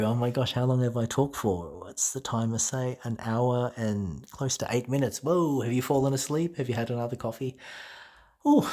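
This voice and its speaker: A man chatting to his viewers in a rambling, casual solo vlog full of fillers, laughing now and then. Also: on the low side. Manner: laughs as he talks. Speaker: vlogger. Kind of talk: casual solo talk to camera.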